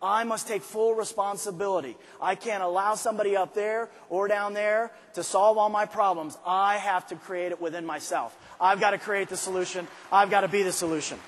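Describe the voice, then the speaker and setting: A man giving a motivational speech to a large arena crowd, dropping to quiet asides and then shouting his points slowly and hard. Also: high-pitched, steady tone. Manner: swings from quiet intimate asides to shouted, drawn-out emphasis. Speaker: motivational speaker. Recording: live speech with long hall reverb.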